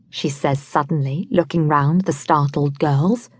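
A woman reading an audiobook in an expressive, measured storytelling manner. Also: sits low, slightly rough, dry recording. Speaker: audiobook narrator. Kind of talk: scripted audiobook narration.

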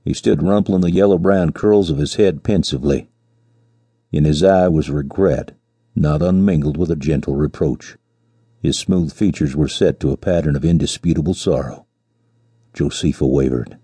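A man narrating a classic short story as an audiobook, in a measured storytelling manner. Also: extremely low pitch, warm tone, slightly rough, no echo. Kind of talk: scripted narration.

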